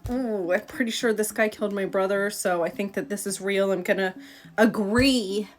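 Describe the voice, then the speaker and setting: A woman's voice: normal speed, lightly acted. A woman voicing a young male scientist who is obsessive, panicky and flippant. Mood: uneasy. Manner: panicky, flippant, jumping in pitch.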